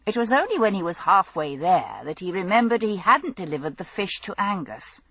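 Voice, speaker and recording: A woman reading a mystery novel aloud as an audiobook narrator, in a measured, even manner. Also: mid-range voice, dry recording.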